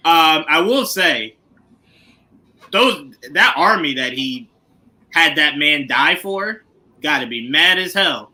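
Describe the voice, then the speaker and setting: Male podcast co-host, lively and expressive, slightly high voice, casual recap chat. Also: slow pace, long pauses, low-quality recording. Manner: animated, laughs often, acts out scenes in put-on voices. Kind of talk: casual chat about a TV show.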